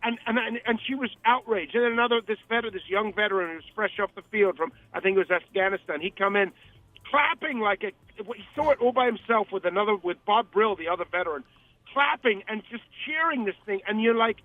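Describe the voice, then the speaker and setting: A man's voice: high-pitched, quick pace, dry recording. A man calling in as a guest on a radio interview, talking emphatically, rambling and repeating himself. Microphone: telephone. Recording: tinny phone line, dry.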